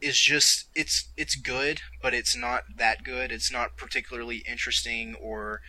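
Male podcast co-host, very bright tone, loose rambling delivery. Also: medium pitch, steady tone, normal speed, rough recording. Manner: rambling, self-correcting, amused. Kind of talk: casual chat.

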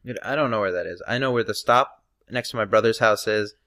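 A man's voice: on the low side, fairly quick, sharp tone, dry recording. Man tossing in dry jokes. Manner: dry, joking asides. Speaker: podcast co-host. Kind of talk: casual chat.

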